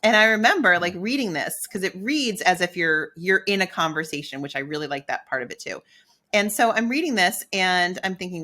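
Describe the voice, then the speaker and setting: Woman, middle-aged, podcast co-host, lowish pitch, bright forceful tone, candid, animated storytelling. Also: moderate pace. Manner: candid, animated, acts out her own inner dialogue. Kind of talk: casual personal storytelling.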